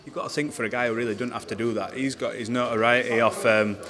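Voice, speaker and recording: A man's voice: mid-range voice, fairly even intonation, fast talker. Chatty male boxing interviewer in arena. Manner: chatty, teasing, long questions. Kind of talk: casual interview. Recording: loud arena crowd behind.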